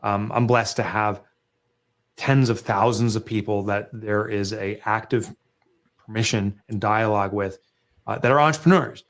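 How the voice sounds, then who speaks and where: A middle-aged man, an author and guest, talking business in an animated, emphatic way and acting out sales pitches in lively asides. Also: moderate pace.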